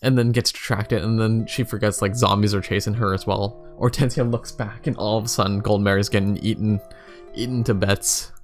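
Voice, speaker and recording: Man, lowish voice, rambling casual chat, lots of fillers, faint background music. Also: fairly even intonation, fairly quick, hardly any pauses. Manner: rambling, many fillers, thinks aloud. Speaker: YouTuber. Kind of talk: casual commentary for a tier list.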